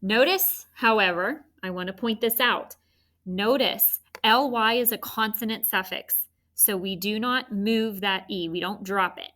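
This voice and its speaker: Slow, bright-voiced woman teaching phonics. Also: mid-range voice. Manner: slow, clear, encouraging teacher talk with spelled-out letters. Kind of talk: phonics lesson for children.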